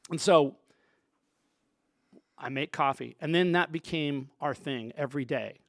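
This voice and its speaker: A man's voice: on the high side, slow pace, gravelly, no echo, clean studio sound. A man, a sound engineer, telling stories from his work in a loose, rambling way full of asides. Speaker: sound engineer, show guest. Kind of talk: storytelling in a conversation.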